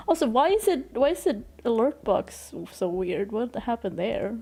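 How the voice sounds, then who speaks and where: A woman streamer chatting casually at her home desk into a desk microphone, excitable, gushing thanks, laughing and swearing. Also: a little high, normal speed, few pauses, breathy edge. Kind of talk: casual live-stream chat.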